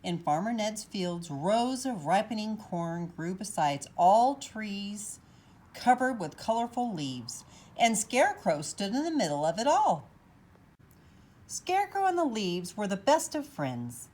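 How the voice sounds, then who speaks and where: Expressive woman reading a children's story. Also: medium pitch, measured pace. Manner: expressive, animated narration. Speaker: children's book reader. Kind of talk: storybook read-aloud.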